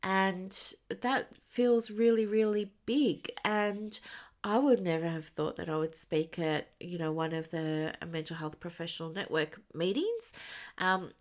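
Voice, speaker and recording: A woman's voice: on the low side, a little slow. A woman hosting a solo podcast as a business coach, chatting casually with many fillers and small laughs, and she has the hiccups. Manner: chatty and warm, with frequent fillers and little laughs.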